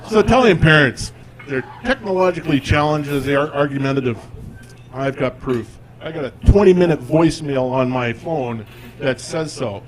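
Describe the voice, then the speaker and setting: Performing his routine in a comedy club for a live crowd, this 40-something man keeps things conversational and self-deprecating. He speaks at normal speed in a higher-leaning voice, with a little hiss or hum in the recording.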